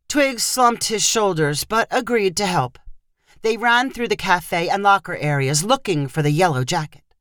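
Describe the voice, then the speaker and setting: A woman narrating a fiction short story with expressive delivery. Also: medium pitch, moderate pace, no echo, clean studio sound.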